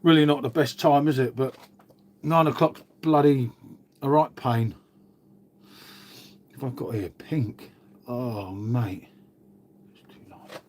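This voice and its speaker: A man's voice: mid-range voice, slow, pauses often, darkish tone, a little hiss or hum. A British man hosting a casual livestream, chatting and swearing freely while greeting and answering viewers. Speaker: livestream host. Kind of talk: casual live-stream chat.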